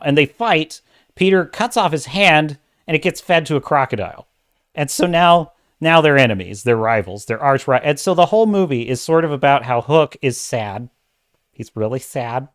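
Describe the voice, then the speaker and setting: A man's voice: fairly high pitch, normal speed. Sarcastic man ranting about movies. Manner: sarcastic, animated, swears, interrupts himself. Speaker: livestream host. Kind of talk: casual ranting movie review.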